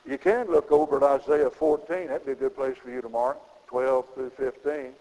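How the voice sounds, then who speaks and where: Middle-aged preacher, gravelly and fairly high, folksy sermon in a long-echo hall. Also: male voice, huge pitch swings, quick pace, dark tone. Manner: folksy preaching with sudden high emphatic rises.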